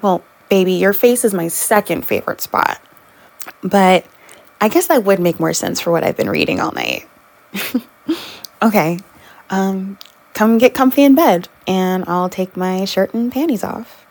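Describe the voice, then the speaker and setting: A woman with a breathy voice performs an intimate audio role-play. She talks slowly and softly and keeps a teasing tone, giggling between lines. Her pitch sits in an ordinary middle range. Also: very animated. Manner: soft, teasing, with frequent giggles.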